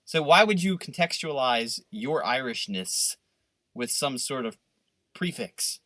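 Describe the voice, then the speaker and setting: Bright-voiced man riffing on a podcast. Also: medium pitch, measured pace, no room sound. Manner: riffing, profane, animated rants. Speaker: podcast co-host. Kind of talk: casual podcast banter.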